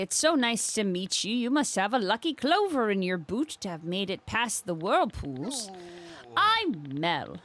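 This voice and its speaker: A woman's voice: medium pitch, fairly bright tone. A woman voicing a cheerful, welcoming island beekeeper with a put-on Minnesotan accent and a friendly, folksy, slightly pinched voice.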